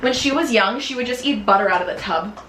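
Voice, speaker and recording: A young woman, chatting and telling animated stories while doing makeup, putting on voices as she goes. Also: mid-range voice, fast. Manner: bubbly, animated storytelling with voices. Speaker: beauty vlogger. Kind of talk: casual chat. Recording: echoey room with faint hiss.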